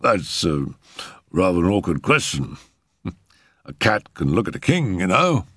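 A man doing a calm, wry older doctor. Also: sits low, breathy edge, no room sound, clean studio sound, full character voice. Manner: unhurried, wry, matter-of-fact. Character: calm older male doctor, dry and soothing. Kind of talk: audiobook character reading.

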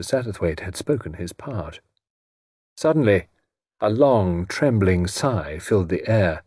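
A man narrating an audiobook story in a measured, expressive way. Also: deep voice, breathy edge, no room sound, studio quality.

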